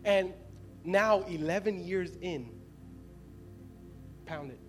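Speaking slowly in a high-sitting voice, a pastor in his thirties gives a conversational sermon, often laughing with the congregation. There is music behind him.

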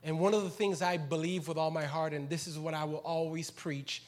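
A male pastor with a fairly high voice delivers a sermon. He works through the text, dropping low and soft, then climbing into loud, pressing questions to the congregation. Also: steady tone, fairly quick. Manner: impassioned, swings from quiet to loud.

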